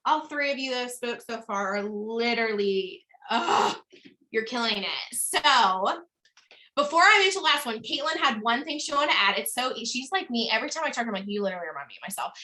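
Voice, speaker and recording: A woman hosts over a video call, gushing and effusive, piling on fillers. Her voice sits high and rings bright and forward. The talk stays loose and casual. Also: expressive, brisk. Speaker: host. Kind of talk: emotional recognition speech on a video call.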